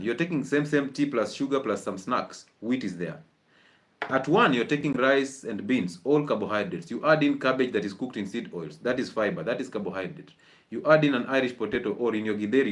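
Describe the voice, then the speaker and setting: A man giving a lively health talk to an audience, firing off rhetorical questions and chuckling between points. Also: medium pitch. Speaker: health and wellness speaker.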